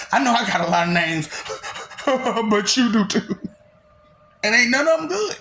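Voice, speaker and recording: A man's voice: very high voice, big pitch swings, unhurried, sharp tone, a little hiss or hum. A man delivering a taunting, slangy monologue, laughing often between lines.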